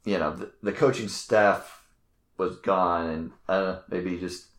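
Low-voiced guy rambling about college football coaching, lots of uhs. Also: steady tone, a little slow. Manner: rambling, filler-heavy. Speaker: podcast co-host. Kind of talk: casual sports chat.

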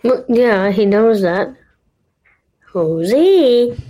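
A woman's voice: fairly high pitch, expressive, extremely slow, warm tone. A woman co-hosting a podcast in casual chat, making teasing, dry remarks. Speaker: podcast co-host.

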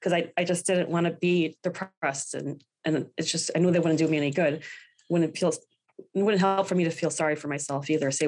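A woman's voice: sits low, fairly quick, darkish tone. A woman guest speaking candidly in a podcast interview, often quoting her own past thoughts. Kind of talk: personal interview.

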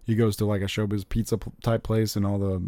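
A man in casual chat, rambling and excitable, swearing freely as he talks about movies. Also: lowish voice, fast talker, no echo. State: recently recovered from covid.

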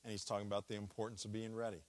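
A man's voice: on the low side, level tone. A man preaching a sermon, walking through a scripture passage and leaning hard on key words. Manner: slow, deliberate preaching with stressed key words. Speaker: pastor.

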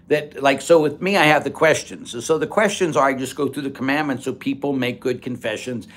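Male priest, mid-pitched voice, loose and talky, blunt and joking with viewers. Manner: chatty, rambling, with frequent fillers. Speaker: Catholic priest. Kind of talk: casual livestream Q&A reading chat.

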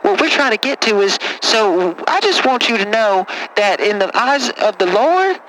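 A man's voice: high voice, very animated, normal speed, fairly bright tone, rough recording. A man playing a prim, preachy pastor calling into a comedy radio show, scolding and fussy. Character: prim, pompous middle-aged male radio pastor. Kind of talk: comedic radio call-in sketch.

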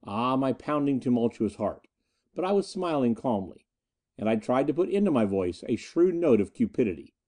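A man narrating a first-person adventure story with an expressive, dramatic reading. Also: mid-range voice, moderate pace. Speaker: audiobook narrator.

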